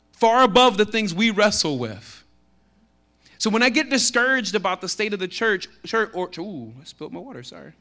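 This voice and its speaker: A man with a Texan accent delivers a sermon in a high voice. He reads scripture aloud at a slow pace, then shifts into conversational preaching that gains force on his key lines. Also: expressive, bright, forceful tone. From Texas. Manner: slows down to read scripture aloud. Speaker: pastor.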